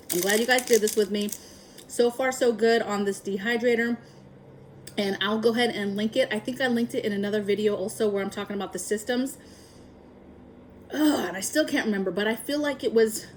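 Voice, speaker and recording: A woman at a middle pitch talks through a home how-to vlog in a relaxed, chatty way. She sounds upbeat and keen, fills her pauses with "um" and tags her points with "right?". A faint hum of room noise sits behind her. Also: poor audio. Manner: chatty, frequent ums and tag questions; upbeat and enthusiastic. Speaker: prepping vlogger.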